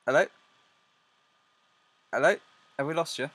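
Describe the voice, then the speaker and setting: A man's voice: a little high, measured pace, fairly bright tone, slightly rough. A man hosting a podcast over a video call, easygoing and jokey, laughing often as he talks. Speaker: podcast host. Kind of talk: casual chat.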